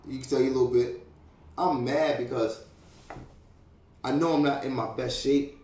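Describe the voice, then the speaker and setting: A young man tells a story in a loose, streetwise way, swearing freely and filling the gaps with sound effects and checks on his listener. His voice sits at an ordinary middle pitch. The room around him rings with a clear echo. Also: moderate pace. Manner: streetwise, profane, animated, fillers like "you know what I mean". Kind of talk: casual storytelling.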